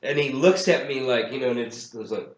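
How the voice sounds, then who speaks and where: Cracking up often, this young co-host rattles off funny stories on a casual podcast and performs other people's lines. He talks fast at a medium pitch, and the audio is poor, with an echoey room.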